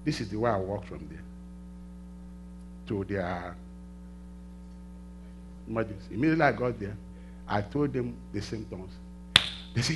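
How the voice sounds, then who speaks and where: A middle-aged man preaching a sermon in a church, asking the congregation to finish his sentences and swinging between hushed and loud passages. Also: fairly low pitch, measured pace, pauses often, noisy background. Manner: call-and-response questions to the congregation. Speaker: pastor.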